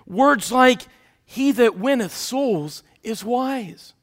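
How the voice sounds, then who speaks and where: A man preaching an Easter sermon, moving between hushed storytelling and fervent, raised passages. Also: very high-pitched, animated, drawn-out words. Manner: dynamic preaching, swinging from hushed to shouting.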